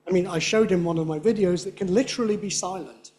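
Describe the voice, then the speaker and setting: An older man giving a conference lecture on English pronunciation, demonstrating rhythm by repeating phrases slowly. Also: sits high, darkish tone. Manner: demonstrates rhythm by slow drilled repetition.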